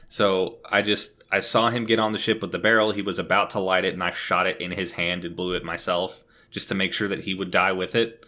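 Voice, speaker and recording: Bright-voiced young man telling a story. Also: fairly low pitch, brisk. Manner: laughs often, swears freely, animated retelling. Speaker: podcast co-host. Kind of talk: casual storytelling chat.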